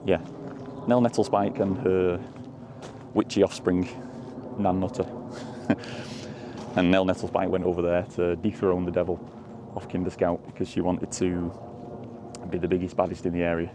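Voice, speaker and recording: Against background noise, a man walks outdoors through country fields and lanes, chatting casually, rambling and chuckling as a walking tour vlogger. His voice is low-pitched and level in tone at a normal speed.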